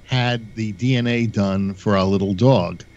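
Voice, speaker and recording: A man's voice: on the low side, a little slow, a little mellow, slight background noise. A man calling in to a radio talk show, opinionated and wry, chuckling at his own remarks. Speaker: radio caller. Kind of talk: phone-in chat. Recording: dull, lo-fi phone line.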